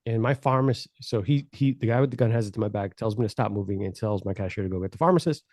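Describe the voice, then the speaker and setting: A man telling a story on a podcast in a casual, animated and profane way, laughing as he goes. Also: on the low side, quick pace, no room sound, clean studio sound.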